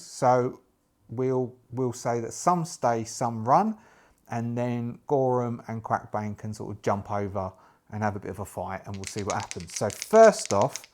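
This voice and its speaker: A man, narrating a solo tabletop game and thinking aloud as he works through his dice rolls. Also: medium pitch.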